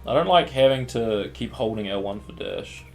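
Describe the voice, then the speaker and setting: A man's voice: mid-range voice, lively intonation, normal speed, soft background music. Crude, joking male game streamer. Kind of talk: casual live gameplay commentary.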